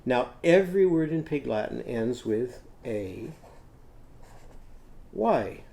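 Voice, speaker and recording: Mellow-voiced man teaching children phonics. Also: mid-range voice, expressive, vocal fry. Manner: patient, sounds out words slowly for children. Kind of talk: children's literacy lesson while drawing.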